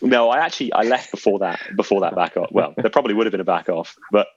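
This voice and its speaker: Male podcast guest, low, chatty storyteller, dry close mic. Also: quick pace, breathy edge, no room sound, lo-fi sound. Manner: chatty, self-deprecating, laughs often. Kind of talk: casual storytelling chat.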